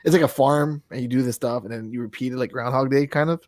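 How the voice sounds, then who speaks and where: On a laid-back video game podcast, a male co-host rambles, cracks jokes, puts on silly voices and swears at times. He speaks quickly at a medium pitch, with studio-quality sound and no room sound.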